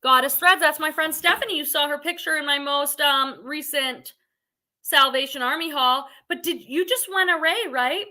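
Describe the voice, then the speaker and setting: A woman's voice: sits high, normal speed, bright, forceful tone. A woman hosting a casual reselling livestream from her living room, chatty and rambling, greeting viewers by name. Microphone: computer webcam on livestream.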